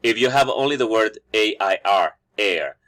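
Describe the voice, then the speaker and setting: A man's voice: lowish voice, expressive, normal speed, a bit bright. A man whose first language is Spanish teaches English phonetics, explaining each sound and repeating every example word after the audio.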